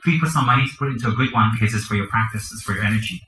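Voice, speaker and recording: A man's voice: on the low side, very fast, sharp tone, roomy sound, low-quality recording. A man, a Buddhist teacher, giving a dharma teaching to a group, chanting mantras and explaining the practice with joking asides.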